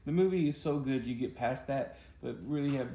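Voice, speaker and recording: A man's voice: medium pitch, brisk, mellow, reverberant. A man co-hosting a podcast in casual chat, joking and teasing his co-host. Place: home studio. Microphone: podcast mic.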